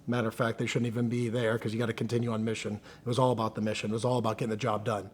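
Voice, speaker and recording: Earnest, halting man in conversation. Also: fairly low pitch, flat delivery. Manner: earnest, halting, restarts often. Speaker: podcast guest. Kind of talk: candid conversational interview.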